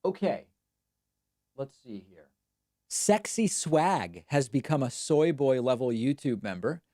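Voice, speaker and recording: A man's voice: mid-range voice, very animated, slow pace, mellow, dry recording, clean studio sound. A man hosting a live political commentary stream, talking back at clips with sarcasm. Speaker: show host.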